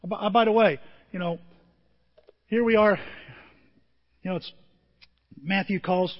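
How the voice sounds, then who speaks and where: A man's voice: high-pitched, slow, long pauses. An older man preaching a sermon as the pastor, telling stories and acting out what people said. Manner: animated storytelling with acted-out quotes. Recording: dull audio in a long-reverb hall.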